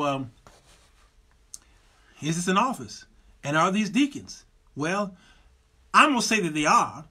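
A man's voice: fairly high pitch, bright, forceful tone. A man hosting his own show, teaching from the Bible in a loose, folksy way and stacking repeated words as he builds a point. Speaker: show host and preacher.

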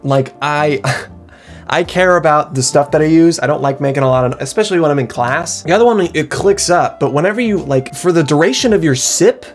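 A man's voice: a little high, lively intonation, brisk, faint music behind. A young man, a college student, chatting casually to camera in a rambling, self-mocking way that is full of restarts. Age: young adult. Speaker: vlogger.

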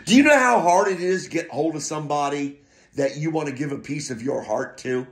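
A middle-aged man talks straight to his viewers in a loose, rambling monologue. His voice sits somewhat high for a man, and he swears freely. He drifts into muttered asides and wry laughs, and turns emotional as he goes. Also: brisk. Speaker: poet and vlogger.

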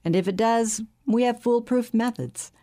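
A woman reading the lines of a calm, scheming male bank chief in an audiobook. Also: fairly high pitch, normal speed, voice pushed up, lightly acted. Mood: assured. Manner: calm, assured, soothing.

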